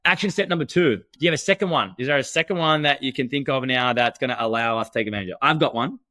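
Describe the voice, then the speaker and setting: Emphatic man with a bright voice. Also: medium pitch, very fast, no room sound. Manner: energetic, emphatic, teaching tone. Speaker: podcast co-host. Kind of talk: conversational podcast talk.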